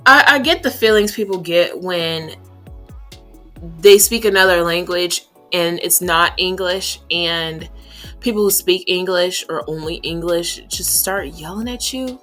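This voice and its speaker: A woman's voice: medium pitch, sharp tone. A young woman chatting casually while doing her makeup, rambling with plenty of fillers. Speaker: beauty vlogger.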